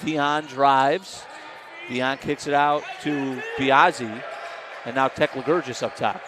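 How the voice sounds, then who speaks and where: A man calling live basketball play-by-play, quick and excitable, rising on big plays. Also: mid-range voice. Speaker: play-by-play announcer. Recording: noisy gym broadcast.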